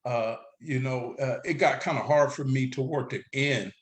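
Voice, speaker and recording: A middle-aged man from San Diego, a guest in a casual interview, retelling his past in a rambling, animated way full of filler words. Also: mid-range voice, moderate pace. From San Diego, California. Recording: roomy echo.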